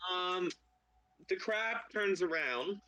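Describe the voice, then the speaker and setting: A man's voice: sits high, animated, takes it slowly, pushed and bright, lo-fi sound. A man running a tabletop game as game master, narrating loosely and laughing often.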